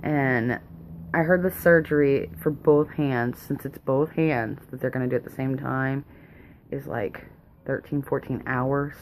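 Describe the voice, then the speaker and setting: A woman's voice: a bass voice, steady tone, unhurried, darkish tone, slight background noise. A young woman, a mother vlogging at home, rambling nervously and laughing often. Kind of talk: casual rambling chat. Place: home, indoors.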